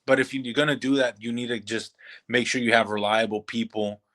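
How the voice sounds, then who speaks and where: A man's voice: medium pitch, steady tone, fairly quick, a bit bright. A man co-hosting a podcast, talking loosely about films with many fillers and restarts. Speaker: podcast co-host. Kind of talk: casual film review chat.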